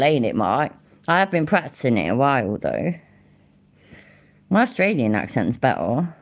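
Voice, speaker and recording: A woman's voice: very deep voice, darkish tone. A woman hosting a live stream, chatting and reacting with sweary, laughing, mock-offended banter. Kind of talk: casual live-stream commentary.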